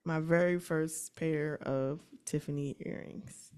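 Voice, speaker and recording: A woman's voice: low-pitched, steady tone, slow pace, a little mellow, smooth. Wry young woman in casual chat. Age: 20s. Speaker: podcast co-host.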